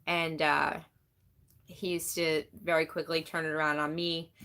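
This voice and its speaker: A woman's voice: deep voice, little pitch movement, a little slow, bright, forceful tone. A woman talking casually on a live stream, candid and rambling, full of "like", answering chat as she goes. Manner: candid, rambling, heavy use of "like"; reads and answers chat comments.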